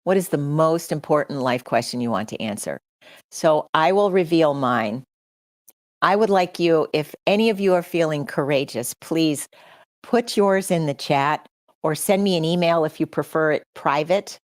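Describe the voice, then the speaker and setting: This middle-aged woman, a podcast host, talks earnestly and personally to her livestream audience, her voice deep and her emotion making her choke up. The recording is dry and studio quality.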